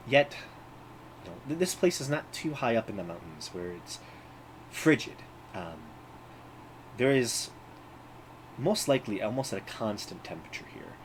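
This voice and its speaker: A man narrating a tabletop game as game master, pausing often with ums and uhs. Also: medium pitch, a little hiss or hum, low-quality recording. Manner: halting, many ums and uhs.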